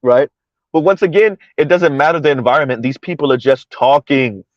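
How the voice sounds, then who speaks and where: With lively intonation and a brisk pace, a fairly high-voiced man from South Florida offers casual commentary to viewers while steering through floodwater. This chatty vlogger repeats points and laughs between them, and the sound is dry, close, dull and muffled, with no echo.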